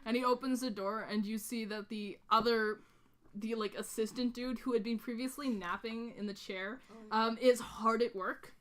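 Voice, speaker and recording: A woman's voice: fairly high pitch, fairly even intonation, normal speed. A woman narrating as game master of a tabletop game, casual, full of fillers, swearing and laughing.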